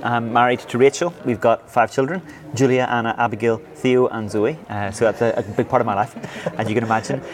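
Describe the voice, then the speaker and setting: A Northern Irish pastor and church planting leader in his forties answers interview questions earnestly, with lots of fillers and restarts. His medium-pitched voice stays fairly even and moves quickly with few pauses, against a noisy background.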